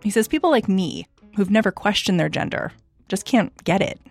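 Gravelly-voiced podcast host. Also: mid-range voice, expressive, moderate pace, soft background music. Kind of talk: conversational interview.

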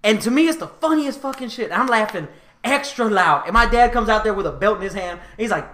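Animated man telling stories in an echoey room. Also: high voice, brisk. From Houston, Texas. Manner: animated, profane storytelling, laughing often. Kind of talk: casual storytelling chat.

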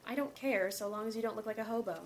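A woman acting a mother who runs the household, brisk and bossy with her family. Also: medium pitch, a little hiss or hum. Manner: brisk, bossy, then tearful. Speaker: mother hosting family holiday. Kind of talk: scripted family drama acting.

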